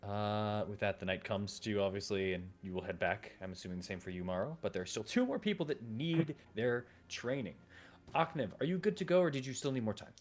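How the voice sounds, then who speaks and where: A man's voice: lowish voice, animated, brisk. A man running a tabletop game as game master, narrating in a rambling, self-correcting way with many fillers.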